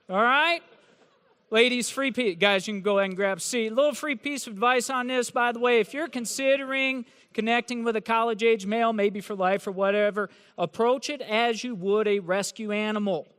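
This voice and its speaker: A man's voice: very high-pitched, bright, forceful tone, clear, resonant tone. A male professor giving a humorous, sarcastic talk to new college students in a large hall. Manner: sarcastic, teasing, joking delivery. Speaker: university professor.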